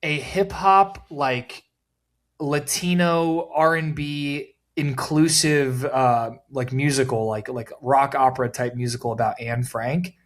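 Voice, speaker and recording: Young guy on a podcast, middle pitch, deadpan, lots of ums and likes. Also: slow pace. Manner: deadpan, rambling with fillers. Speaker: podcast co-host. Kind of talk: casual chat.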